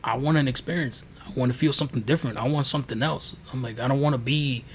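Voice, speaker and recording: A fast-talking man with a mid-range voice tells his faith testimony on a podcast, with slight background noise. He's a guest whose earnest storytelling rambles casually and leans on many fillers.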